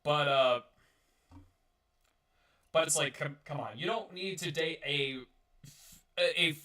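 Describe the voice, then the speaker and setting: Slow, bright, and forceful, a man's slightly high voice echoes around the room, picked up by a distant mic. He's hosting a casual live-streamed talk show, rambling profanely and repeatedly restarting and repeating what he says.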